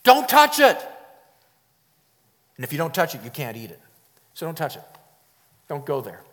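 A man's voice: mid-range voice, expressive, a little fast, in a large hall. A man preaching a sermon. He speaks emphatically, repeats his key phrases and chuckles now and then.

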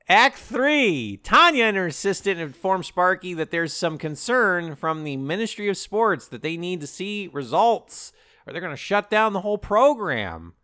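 Podcast co-host, male, lively high voice, smooth, dry close sound, recaps films with laughs. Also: moderate pace. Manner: animated, laughs often, stumbles and restarts. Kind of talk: casual chat recapping a movie.

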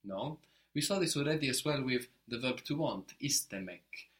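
A man teaching a one-on-one language lesson, explaining patiently and often checking with a quick question. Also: mid-range voice, expressive, a bit bright.

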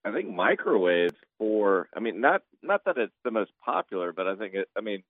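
A man's voice: on the low side, sing-song, moderate pace, dry recording. A man co-hosting a podcast, talking in a laid-back, rambling way with many restarts. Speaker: podcast co-host. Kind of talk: casual chat. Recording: tinny phone-like line.

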